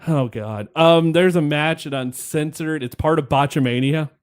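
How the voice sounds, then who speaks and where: A man's voice: on the high side, measured pace. A man hosting a podcast, rambling through a wrestling match recap in casual chat, wry and laughing, with the odd swear. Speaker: podcast host.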